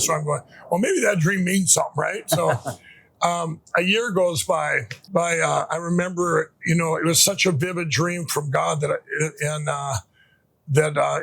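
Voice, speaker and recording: Gravelly man rambling through his story. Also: fairly high pitch, a bit bright. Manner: rambling, halting, full of restarts and fillers. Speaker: podcast guest. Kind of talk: personal faith testimony in an interview.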